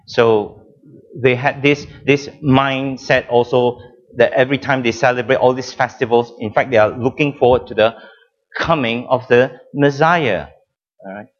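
A man preaching a sermon with emphatic, drawn-out phrasing, dramatic pauses and frequent repetitions. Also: medium pitch, fairly even intonation, lo-fi sound.

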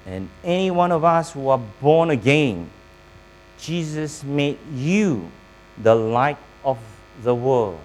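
A male pastor delivering a sermon at an unhurried, measured pace, breaking his thoughts into short phrases. He asks his listeners questions and prompts them to answer. A faint electrical hum sits under the voice. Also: medium pitch, expressive, low-quality recording. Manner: preaching with pauses, quizzing the congregation.

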